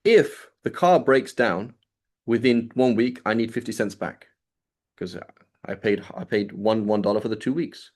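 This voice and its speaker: A man's voice: lowish voice, a little slow, darkish tone. A man teaching Islamic law in a casual lecture, talking conversationally and acting out little dialogues to make his points. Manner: conversational, illustrates points with quoted dialogue and rhetorical "right?".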